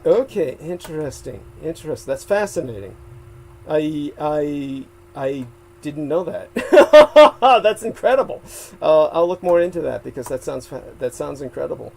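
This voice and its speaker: A man co-hosting a livestream in casual chat, talking haltingly with many restarts and frequent laughs. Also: a little high, creaky, warm tone, poor audio. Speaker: livestream co-host.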